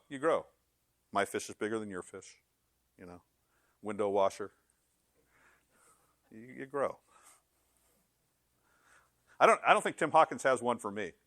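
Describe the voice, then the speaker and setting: A man's voice: on the low side, no room sound, clean studio sound. A man preaching a sermon as pastor, telling funny stories and acting out the voices of the people in them. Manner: animated storytelling with comic voices.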